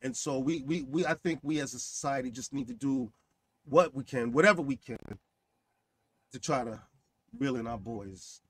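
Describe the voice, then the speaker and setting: A man's voice: medium pitch, moderate pace, a bit bright, breathy edge, dry recording. A man hosting a talk show. He speaks earnestly, with stammered restarts and many "uh" fillers.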